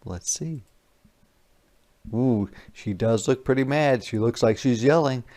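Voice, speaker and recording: A man teacher doing an interactive read-aloud for young children, pausing to ask questions and explain words. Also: medium pitch, mellow.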